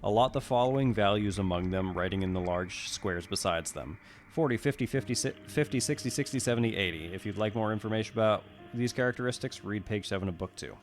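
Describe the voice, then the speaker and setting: A man streaming, who reads a solo tabletop adventure aloud and breaks off for relaxed, chatty asides with the odd curse word, on a condenser mic. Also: fairly low pitch, fast, faint music behind. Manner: relaxed, chatty, drops curse words between read passages.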